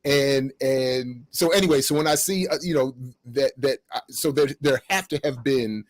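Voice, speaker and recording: A man's voice: mid-range voice, normal speed, dry recording. A middle-aged man hosting a podcast, telling a story in a casual way and acting out what people said. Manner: animated, acts out quotes while telling stories. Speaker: podcast host.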